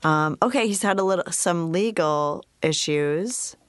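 A woman's voice: lowish voice, unhurried, smooth, no room sound. A woman co-hosting a casual podcast chat, playful and chatty, who drifts into silly made-up rhymes. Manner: playful, bursts into improvised sung silly rhymes. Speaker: podcast co-host.

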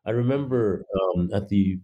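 A playwright from China being interviewed, telling animated stories and acting out the voices of the people in them. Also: male voice, lowish voice, normal speed, phone-quality sound. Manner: animated storyteller, acts out quoted voices. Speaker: playwright guest. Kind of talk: conversational interview.

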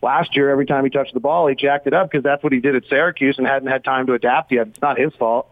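A man's voice: medium pitch, steady tone, fast talker, no echo. A man calls into a sports radio show and breaks down the team at length, rambling and thinking aloud as he goes. His voice comes through a thin, tinny phone line with a dry, close sound. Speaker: team radio broadcaster, guest. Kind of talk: casual sports radio analysis.

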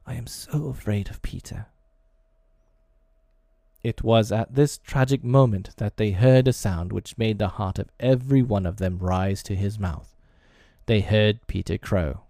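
A man reading a children's classic aloud as narrator, with gentle, expressive storytelling. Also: on the low side, normal speed, no echo, clean studio sound. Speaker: audiobook reader.

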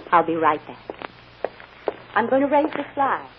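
A woman's voice: medium pitch, big pitch swings, measured pace, narrow, tinny audio. A woman playing a tender, anxious mother, soothing and sometimes tearful, in 1940s radio acting. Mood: gentle. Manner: soothing, emotional, tearful at times. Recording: scratchy old radio recording, hiss.

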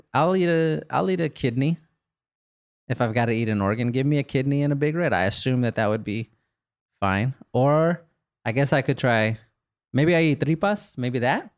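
A man's voice: medium pitch, no echo, studio quality. A man hosting a comedy podcast, answering listener questions in a loose, joking storytelling manner. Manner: animated storyteller, quick bursts of laughter, jokey. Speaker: podcast host. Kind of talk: casual comedic Q&A.

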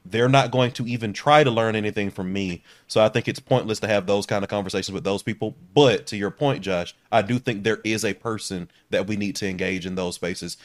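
A man co-hosting a podcast, talking politics in a casual, animated way with quick bursts and some swearing. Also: lowish voice. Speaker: podcast co-host.

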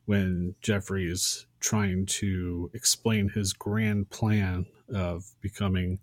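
A man co-hosting a podcast, casually recounting a favorite film scene in a relaxed, conversational way. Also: low-pitched, slow, dry recording, clean studio sound. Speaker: podcast co-host.

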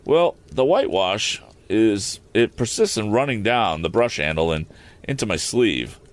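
A man voicing a folksy older working man who talks slowly and colloquially. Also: lowish voice, sing-song. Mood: complaining. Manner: slow, drawling, colloquial.

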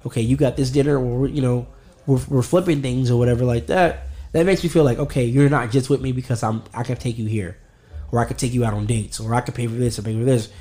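A man's voice: mid-range voice, steady tone, fast talker, mellow. Blunt man talking casually. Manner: blunt, opinionated. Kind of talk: casual chat.

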